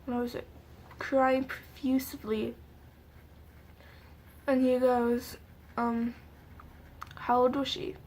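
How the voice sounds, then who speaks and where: Young woman vlogger, high voice with a flat, narrow melody, halting and tearful storytime delivery, faint background hiss. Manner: halting, tearful retelling with many fillers. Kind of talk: emotional storytime vlog.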